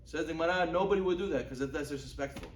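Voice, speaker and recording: A man's voice: rapid-fire, far from the mic, a little hiss or hum. A man giving a religious lecture, telling stories and acting out quoted dialogue with Hebrew religious terms. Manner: acts out quoted dialogue, rising in pitch for characters; peppers speech with Hebrew and Yiddish religious terms. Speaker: rabbi giving a Torah class. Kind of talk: sermon-style lecture with storytelling. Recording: echoey room, speaker off-mic.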